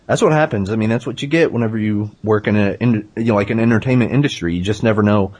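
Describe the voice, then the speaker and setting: A man hosting a casual comedy chat, rambling through deadpan tall tales with lots of hesitant fillers. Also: fairly low pitch, quick pace. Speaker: podcast host.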